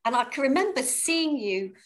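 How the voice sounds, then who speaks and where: A woman's voice: high-pitched, sing-song, normal speed. A woman hosting a casual interview, reminiscing with her guest in a friendly way. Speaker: interview host.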